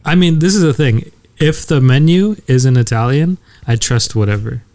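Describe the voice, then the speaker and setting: A man's voice: medium pitch, normal speed, a little mellow, dry recording. A man co-hosting a podcast who needles his partner with dry jokes in casual chat. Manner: dry teasing jokes at the other host. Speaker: podcast co-host.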